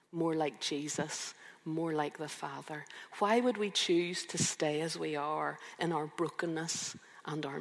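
A woman in her fifties preaching a sermon, reflective and emphatic, with slow rhetorical questions. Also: low-pitched, vocal fry, long reverb tail. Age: 50s. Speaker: preacher and youth counsellor.

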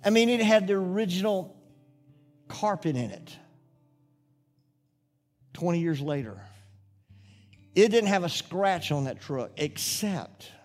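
Folksy preacher man, high voice. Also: lively intonation, slow, long pauses, a little mellow, faint music behind. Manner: folksy storytelling, rising to fervent preaching. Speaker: pastor. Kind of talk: sermon with personal story.

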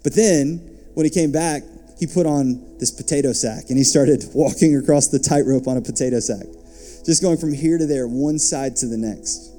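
A man's voice: mid-range voice, moderate pace, dark tone, faint music behind. A man preaching a sermon, telling a story and building to an impassioned close.

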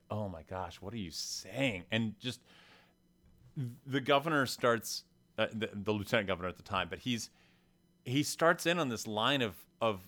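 A man co-hosting a casual podcast, with a voice of ordinary middle pitch. He rambles through stories, restarting his sentences and acting out what others said. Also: a bit bright. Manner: storytelling, acts out quotes, rambling restarts. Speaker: podcast co-host. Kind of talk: casual chat.

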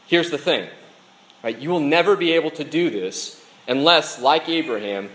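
A man's voice: medium pitch, fairly bright tone, poor audio. A man preaching a sermon, speaking earnestly to his congregation. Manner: earnest preaching, reads a dialogue aloud with voices. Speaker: pastor.

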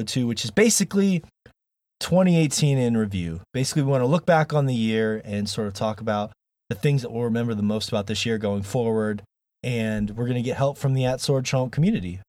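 A man's voice: on the low side, quick pace, darkish tone, dry recording. A man hosting a gaming podcast in casual chat, joking, rambling and laughing often. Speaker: podcast host.

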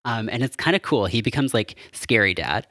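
A man's voice: medium pitch, expressive, a little fast, sharp tone, dry recording, studio quality. A man casually recapping a film as a podcast host, rambling and amused with lots of fillers. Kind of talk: casual chat.

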